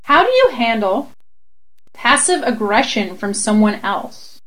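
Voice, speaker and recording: Woman, Canadian accent, casual podcast chat, animated, giggly, a bit high-pitched. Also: measured pace, poor audio. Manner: giggly, animated, slips into mock voices. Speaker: podcast co-host.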